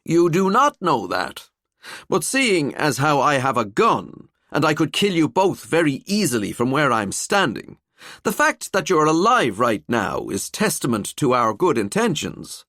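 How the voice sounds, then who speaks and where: A male narrator voicing a living skeleton detective who talks in a wry, chatty, calm way. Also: medium pitch, unhurried, no room sound, clean studio sound, pitched above the performer's own voice.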